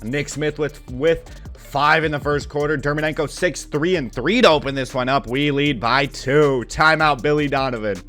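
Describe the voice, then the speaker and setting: Excitable man calling his own game. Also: on the high side, soft background music. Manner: excitable, quickly frustrated, talks to the players on screen; casual slang and swearing. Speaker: gaming channel host. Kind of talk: live video game play-by-play commentary.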